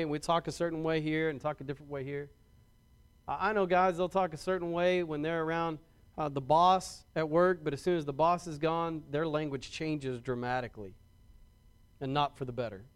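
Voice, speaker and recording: A man's voice: fairly high pitch, steady tone, brisk, clear, resonant tone. A man preaching a sermon to his congregation in a conversational way, often restarting and repeating words and asking the congregation questions. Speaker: pastor.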